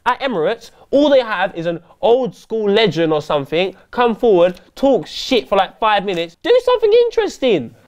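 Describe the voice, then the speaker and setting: A man's voice: high-pitched, animated, moderate pace, hardly any pauses, highs cut off. A young man co-hosting a casual football chat show in a studio, with dry, laid-back banter. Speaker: co-host. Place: studio in London.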